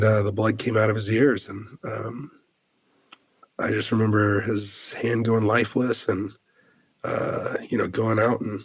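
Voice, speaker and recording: An American man in his thirties, a podcast guest, telling a personal story in an earnest, halting way, full of fillers and restarts. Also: fairly low pitch, husky, no room sound. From United States.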